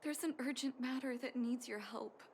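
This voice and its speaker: Sweet emotional game daughter, kinda high voice, soft and earnest. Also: female voice, normal speed, husky. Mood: tender. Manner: gentle, earnest, apologetic. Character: caring grown daughter, soft-spoken and emotional. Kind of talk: video game voice acting.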